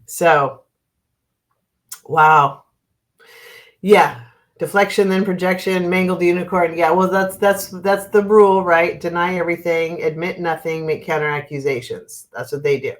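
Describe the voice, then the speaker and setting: A middle-aged woman from Oregon hosts a casual livestream as a card reader. Her voice sits low, and she rambles along, breaking into laughter often. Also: fairly even intonation, a little slow. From Oregon, US West Coast. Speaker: tarot and dowsing reader, livestream host.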